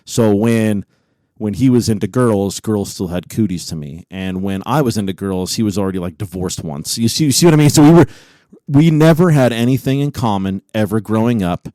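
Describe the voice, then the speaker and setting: A man's voice: on the low side, expressive, brisk, warm tone, dry recording, poor audio. A man co-hosting a podcast in casual chat, swearing often and getting heated as he rants. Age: adult with a son. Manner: profane, heated rant. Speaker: podcast co-host.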